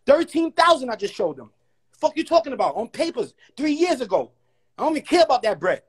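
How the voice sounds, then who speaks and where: Fast, boastful high-voiced man. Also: sing-song, husky. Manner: loud, boastful, trash-talking, repeats himself. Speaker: live stream guest. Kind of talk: boastful livestream banter.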